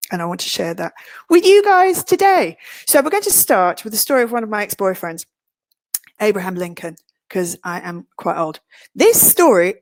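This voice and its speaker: A middle-aged woman from England giving a webinar talk, theatrical and self-mocking, with big swings in pitch. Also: no echo. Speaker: webinar speaker. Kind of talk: lively presentation.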